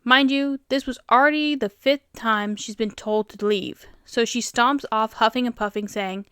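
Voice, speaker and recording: Southern woman host, casual storyteller who laughs easily; clear higher voice. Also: moderate pace, few pauses, no room sound, studio quality. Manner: animated, laughs often, reads in voices. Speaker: host reading online stories.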